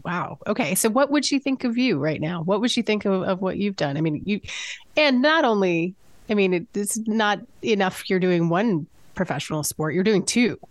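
A woman's voice: mid-range voice, animated, dry recording. Chatty woman interviewer, dry sound. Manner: chatty, with halting restarts. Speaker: interviewer, host. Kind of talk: casual interview.

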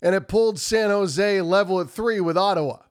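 A man's voice: high-pitched, normal speed, background noise. A man with a nasal voice from a cold, giving emphatic, repetitive post-game hockey analysis. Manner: emphatic, repetitive, stumbles over words. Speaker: hockey commentary host.

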